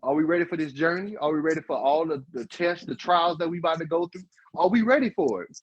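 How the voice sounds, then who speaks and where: Man, casual advice talk, emphatic, husky, lo-fi mic. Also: fairly high pitch, fast talker, no room sound. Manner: animated, emphatic, repeats "guess what". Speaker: podcast co-host.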